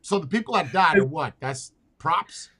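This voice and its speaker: A man hosting a podcast in casual chat, talking bluntly and excitably with plenty of swearing. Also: a little high, normal speed, crowd noise. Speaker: podcast host.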